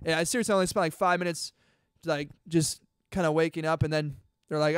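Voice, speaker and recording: A young man hosting a podcast, excitedly telling a personal story in casual chat, full of dude and bro. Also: a little high, fairly quick, clear, resonant tone, no echo, studio quality. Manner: chatty and excitable, peppers talk with dude and bro. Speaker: podcast host.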